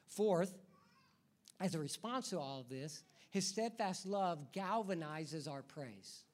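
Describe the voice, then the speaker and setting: A man preaching a sermon as pastor, swinging between hushed asides and loud, urgent calls, often repeating words and putting questions to the congregation. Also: a little high, animated, slow.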